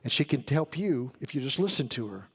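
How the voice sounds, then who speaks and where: In a church sanctuary, a pastor preaches a sermon, earnestly telling a story that builds to emphatic peaks. His mid-range voice has lively intonation and a breathy edge, and he speaks a little fast.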